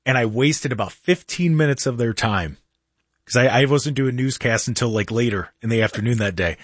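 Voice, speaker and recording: A middle-aged man hosting a radio talk show, telling stories in a lively casual way and acting out what people said. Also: medium pitch, normal speed, no room sound, studio quality. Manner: animated storyteller, acts out quotes.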